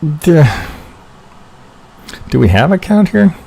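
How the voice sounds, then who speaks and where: A man walks through trading charts on a casual live stream, thinking out loud, cutting himself off mid-sentence and checking in with "right?" every few lines. His voice sounds a bit stuffy from allergies, and he curses under his breath when something goes wrong. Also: on the high side, big pitch swings, slow pace, creaky, husky. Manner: rambling, self-interrupting, frequent "right?" tags and mild swearing. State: congested with allergies. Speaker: trading educator reviewing charts.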